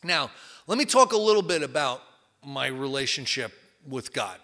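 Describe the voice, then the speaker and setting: A man's voice: mid-range voice, sing-song, moderate pace, sharp tone. A man from New Jersey giving a candid, rambling personal testimony at a recovery meeting, full of fillers and repeats. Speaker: recovery speaker.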